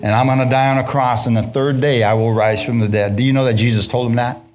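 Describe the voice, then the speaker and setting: A man's voice: medium pitch, steady tone, fast, music in the background. A man preaching a sermon, reading scripture then breaking into casual, slangy asides and questions to the congregation.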